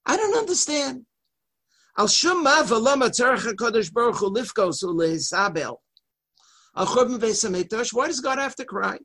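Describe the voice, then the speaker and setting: A man's voice: extremely high pitch, sing-song, normal speed, bright, forceful tone, pitched above the performer's own voice, exaggerated voice. A man voicing an innocent little boy who earnestly asks his teacher a question. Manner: earnest and pleading.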